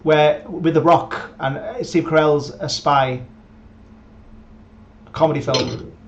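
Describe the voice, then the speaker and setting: Guy rambling on a podcast, kinda high voice, muffled lo-fi audio with a bit of hiss. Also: steady tone, slow. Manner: rambling, lots of fillers and restarts. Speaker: podcast co-host and episode writer. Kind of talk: casual chat. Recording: muffled lo-fi audio, faint background noise.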